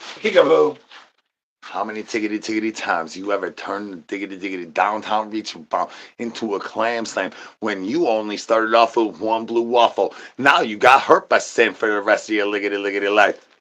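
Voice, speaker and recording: Guy streaming, goofy nonsense rhymes at his chat, bright tense voice. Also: on the low side, moderate pace. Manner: repeats rhyming filler syllables, sing-song catchphrases. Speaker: livestreamer talking to chat. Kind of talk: rambling nonsense livestream patter.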